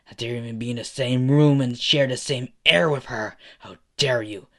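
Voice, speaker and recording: A man voicing a cruel, menacing male fire-wielding villain in a fan story, sneering in a hushed voice. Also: medium pitch, steady tone, brisk. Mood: furious. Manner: sneering, hushed then shouting.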